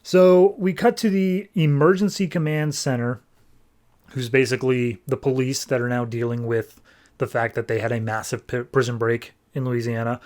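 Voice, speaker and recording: Man, mid pitch, casual wry comic recap, laid-back, restarts often. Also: level tone, moderate pace, a little mellow. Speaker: podcast host reviewing comics.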